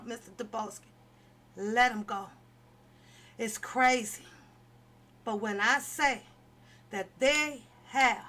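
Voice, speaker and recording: A woman's voice: high voice, bright, forceful tone. A woman commentator delivering an impassioned, profane opinion rant, pleading and repeating herself for emphasis. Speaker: online commentator.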